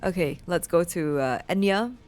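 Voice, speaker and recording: A woman's voice: fairly low pitch, normal speed, a little mellow. Gushing, emotional young woman gamer. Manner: gushing and emotional, swears casually, reads item text aloud. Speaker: gameplay streamer. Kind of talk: excited gameplay commentary.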